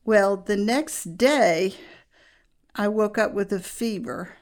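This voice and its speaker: A middle-aged woman speaks as a guest on a Christian talk program, recounting a memory from her marriage. She takes her time, drawing out each phrase in a slow, earnest way and letting a soft laugh slip in now and then. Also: medium pitch. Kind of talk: personal story on a Christian talk show.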